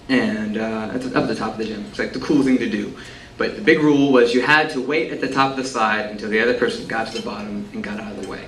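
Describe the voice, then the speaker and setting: A Texan man in his twenties tells a comic story on stage at a live storytelling event, wry and self-mocking. His voice is medium-pitched and fairly bright, recorded with a distant mic in an echoey room with faint hiss.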